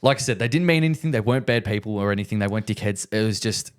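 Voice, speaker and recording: A man's voice: on the low side, animated, very fast. A man co-hosting a podcast, telling a long rambling story in casual chat and repeating himself. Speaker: podcast co-host.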